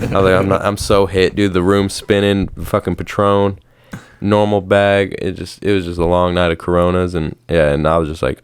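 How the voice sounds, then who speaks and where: A man's voice: low voice, little pitch movement, moderate pace, smooth. A young man casually telling a rambling story on a podcast, slangy and swearing often. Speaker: podcast host.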